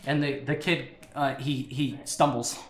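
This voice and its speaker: A man acting as game master, narrating a tabletop game in a lively, laughing way. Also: mid-range voice, unhurried, roomy sound. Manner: animated, laughing storytelling.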